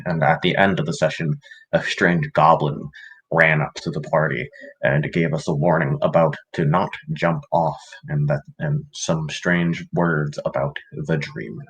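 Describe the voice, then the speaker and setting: A man recapping the last session of a tabletop game, halting and full of restarts. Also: a bass voice, fairly even intonation, breathy edge, low-quality recording. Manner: halting, many fillers and restarts. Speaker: player.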